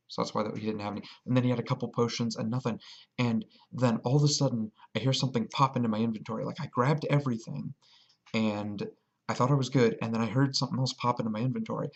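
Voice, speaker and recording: A man telling a rambling, excited story about a game in a casual vlog. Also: fairly low pitch, dull audio. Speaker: vlogger.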